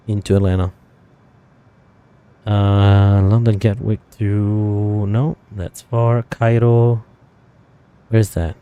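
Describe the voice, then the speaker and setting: Mellow, low-voiced man musing over flights. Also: clear, resonant tone. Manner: thinking aloud, rambling with fillers and self-corrections. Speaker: flight sim streamer. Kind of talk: casual live-stream chat.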